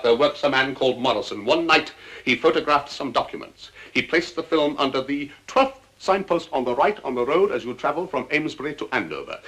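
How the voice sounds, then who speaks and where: An actor with an English accent playing a cool, understated secret agent with dry wit in a 1960s TV drama. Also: male voice, mid-range voice, fairly bright tone, lightly acted.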